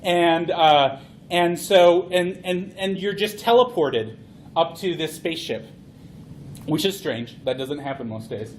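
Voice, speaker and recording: Animated man giving a tech talk. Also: on the high side, unhurried, a little hiss or hum. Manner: animated, playful storytelling. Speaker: conference speaker.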